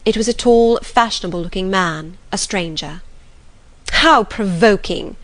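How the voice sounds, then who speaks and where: A woman narrating a classic novel as an audiobook in a calm, gentle manner. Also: medium pitch, moderate pace.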